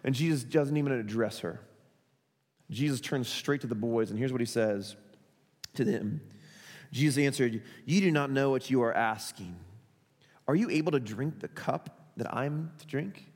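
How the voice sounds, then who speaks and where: A man's voice: medium pitch, moderate pace, darkish tone, big-room sound. A man preaching a conversational sermon, reading scripture and acting out its characters as he explains them. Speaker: pastor.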